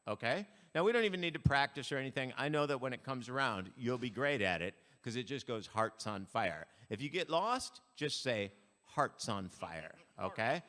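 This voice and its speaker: Bright-voiced man joking from a church stage. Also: medium pitch. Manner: playful deadpan jokes to the audience. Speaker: band frontman. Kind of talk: stage banter at a church concert. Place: church sanctuary. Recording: live in a church hall, reverberant, with instruments.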